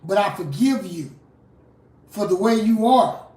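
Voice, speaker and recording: A fiery street preacher in a confrontational live sermon. The voice drops low for scripture, then bursts out loud. It is recorded from well back from the mic, in a room with a strong echo. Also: lively intonation, unhurried. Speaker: street preacher and rap artist. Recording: roomy echo from a distant mic.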